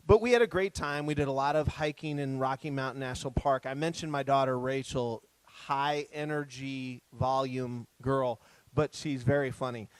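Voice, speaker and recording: A man giving a guest talk, a lively storyteller recounting family mishaps with humor. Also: medium pitch, normal speed, smooth, no echo, rough recording. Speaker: guest speaker. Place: retreat center talk.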